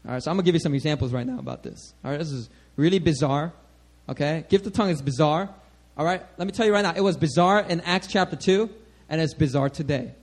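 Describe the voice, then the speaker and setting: A fast-speaking preacher with a notably high voice delivers an animated, loosely structured sermon. He teaches while repeatedly checking in with the congregation, asking "all right?" again and again.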